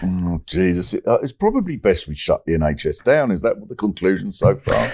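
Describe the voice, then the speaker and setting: Lively low-voiced comic host. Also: male voice, a little fast, creaky. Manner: rambling storytelling, laughing at his own anecdotes. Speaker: comedian and host. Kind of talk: casual comic chat.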